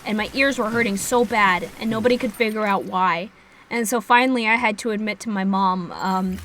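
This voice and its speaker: A woman's voice: medium pitch, a little fast, a bit bright, a little hiss or hum. A woman in her twenties, a streamer, telling a story in a rambling, casual way, swearing freely and laughing at herself. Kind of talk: casual storytelling while gaming.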